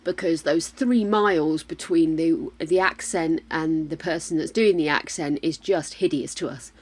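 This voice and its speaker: A woman's voice: deep voice, measured pace, a little mellow, husky, poor audio. A woman from the UK chatting casually as a live streamer, muttering to herself while she plays a game. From United Kingdom. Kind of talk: casual gameplay chat.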